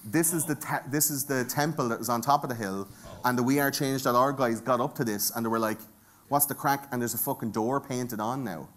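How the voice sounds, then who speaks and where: An Irish-accented man gives a jokey, profane comedic talk at a conference, bantering with the audience from the stage. His voice is medium in pitch, fairly bright, and a little fast.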